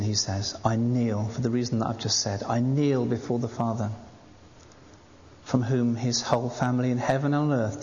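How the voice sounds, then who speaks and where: A man's voice: mid-range voice, a little mellow. Man preaching in a reverberant hall. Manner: earnest, exhorting. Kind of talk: sermon. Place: church. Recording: reverberant church hall, dull faint hiss.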